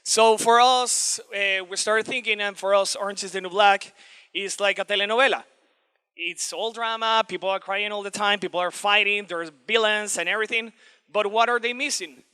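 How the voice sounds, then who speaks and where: Man, creative director talk, high, bright, crisp voice. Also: steady tone, moderate pace. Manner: casual, enthusiastic, with filler "eh". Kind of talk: presentation to students.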